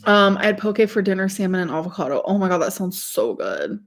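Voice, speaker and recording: A woman's voice: medium pitch, big pitch swings, a little fast. Young woman rambling to her stream chat, says like a lot, gushes over food. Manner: chatty and gushing, says "like" a lot. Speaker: streamer reading live chat. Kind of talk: casual livestream chat.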